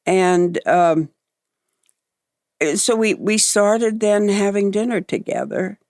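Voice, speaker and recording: A woman's voice: medium pitch, takes it slowly, darkish tone, no echo, studio quality. An older woman from the American Midwest with a slight Midwestern Southern accent, a guest chatting casually and unhurriedly, laughing easily. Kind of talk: casual chat.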